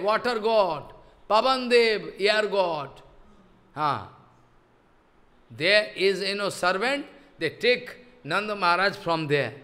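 A man telling a devotional story as a sermon, acting out the dialogue and questioning his listeners. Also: high voice. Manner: animated, acts out dialogue with rising voice; repeats phrases, asks listeners questions. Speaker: preacher. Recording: long hall reverb.

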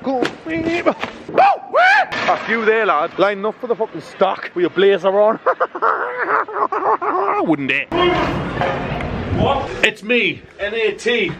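Geordie lad vlogging, hyper and sweary, voice jumping all over, loud street noise behind. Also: male voice, sits high, unhurried, pauses often. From northeast England. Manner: excitable, swearing, loud bursts of laughter. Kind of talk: casual vlog chat. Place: city streets and a gym.

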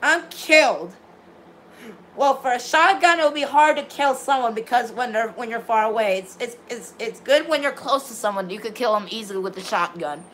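Woman, game streamer, excitable, rambling, fairly high voice, faint background noise. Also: normal speed. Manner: excitable, rambling, chatting to viewers. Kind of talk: live gameplay commentary.

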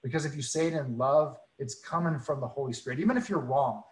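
A man's voice: medium pitch, fast, roomy sound, rough recording. A man telling a personal faith story in an earnest, conversational way, often restarting and repeating words. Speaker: guest speaker.

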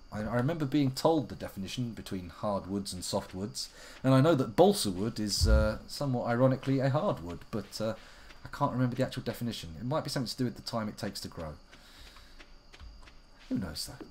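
A man's voice: lowish voice, slight background noise. A man giving chatty, wry let's-play commentary as a game streamer. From United Kingdom. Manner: chatty, wry, reads characters aloud in silly voices.

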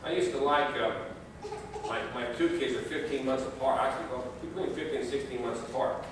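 A man's voice: medium pitch, fairly quick, background noise. Brief: male pastor, folksy humorous sermon delivery, caught from afar in a very reverberant sanctuary. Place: church sanctuary. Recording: distant mic in echoey church.

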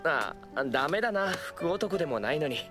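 Earnest anime schoolboy, polite, quick, music behind. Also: male voice, a little high, sing-song.

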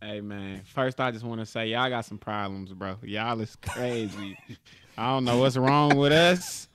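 A man in his twenties co-hosting a casual podcast, laid-back and low-key. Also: unhurried, background noise. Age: 20s. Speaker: podcast co-host.

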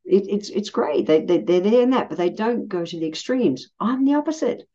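A middle-aged Australian woman telling a personal story in a casual, blunt way, swearing freely and getting animated when she quotes people. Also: mid-range voice, moderate pace, highs cut off. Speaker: podcast host.

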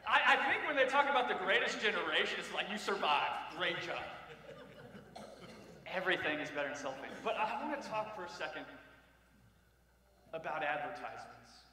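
A man's voice: high voice, lively intonation, fast, sharp tone. A man with an Ohio accent preaching a sermon in a church, telling stories with humor and asides to the congregation. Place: church sanctuary. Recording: echoey church hall from far off.

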